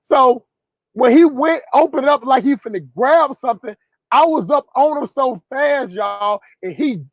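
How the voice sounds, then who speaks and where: A man who drives trucks telling a profane story to his viewers in an animated way. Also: very high voice, no room sound, rough recording. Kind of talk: storytelling vlog.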